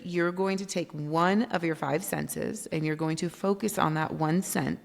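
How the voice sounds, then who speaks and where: A woman guest on a podcast, telling her story in an animated way and acting out quoted dialogue. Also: lowish voice, gravelly. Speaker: guest, company founder. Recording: long reverb.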